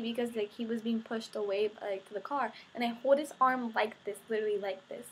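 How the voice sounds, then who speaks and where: Teen girl vlogging, high voice, gushy and breathless, lots of "like", bit of hiss behind. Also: fairly even intonation, fairly quick. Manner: gushing, breathless, full of "like" and quoted reactions. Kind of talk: excited storytelling to camera.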